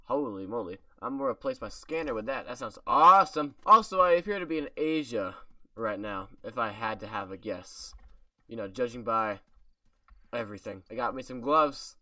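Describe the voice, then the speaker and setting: Recorded dry and from a distance in a home room, a man does casual let's-play commentary in a medium-pitched, animated voice that's pushed and bright. He keeps a moderate pace while joking around with viewers in a put-on fake accent.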